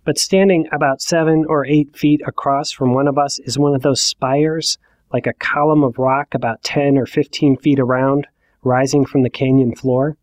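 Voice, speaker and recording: A man in his forties telling a personal story in the first person, with wry, self-mocking, deadpan asides. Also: medium pitch, moderate pace, no echo. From Ohio. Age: 40s. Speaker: narrator.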